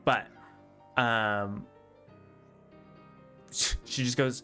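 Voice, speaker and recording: A man narrating as game master in a relaxed, rambling way that keeps circling back on itself. His voice is bright and forceful at a mid pitch, and faint music plays underneath. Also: moderate pace. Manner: relaxed, rambling, full of fillers and laughs.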